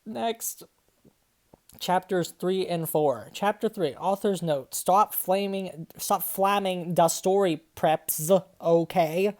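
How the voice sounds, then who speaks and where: A woman's voice: fairly low pitch, takes it slowly, hardly any pauses, darkish tone. A young woman, a graduate student, reads a story aloud and breaks off into exasperated, swearing commentary full of "like" and laughter. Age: young adult. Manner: exasperated, swearing, filler-heavy, frequent laughter. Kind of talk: comedic dramatic reading with commentary.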